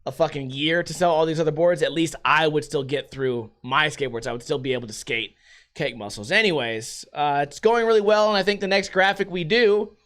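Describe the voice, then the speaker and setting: A man's voice: fairly high pitch, brisk, a bit bright. Rambling, foul-mouthed man hosting a podcast. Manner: rambling, swears a lot. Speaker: podcast host. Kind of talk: casual solo podcast chat. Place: at home.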